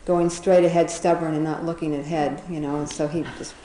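A woman's voice: deep voice, flat delivery, brisk, crowd noise. A woman casually retelling an animal fable, rambling with fillers and chuckling as she goes. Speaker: storyteller. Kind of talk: casual storytelling. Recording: roomy echo.

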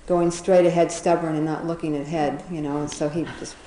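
A woman's voice: sits low, flat delivery, a little fast, roomy sound, a crowd in the background, rough recording. A woman casually retelling a children's fable, chatty, often laughing, with many fillers and restarts. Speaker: storyteller.

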